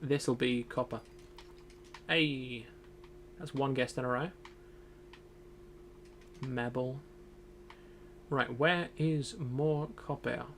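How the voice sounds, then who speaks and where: A man's voice: mid-range voice, fairly even intonation, drawn-out words, pauses often, fairly bright tone, a little hiss or hum. A young man streaming a survival game, casually thinking aloud as he plays. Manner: thinks aloud, muttering to himself. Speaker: gaming streamer. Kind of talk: casual gameplay commentary.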